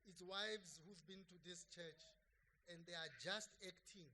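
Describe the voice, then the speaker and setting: A man's voice: sits high, fairly even intonation, unhurried, noisy background. A man preaching a sermon in church as pastor, conversational and joking with the congregation.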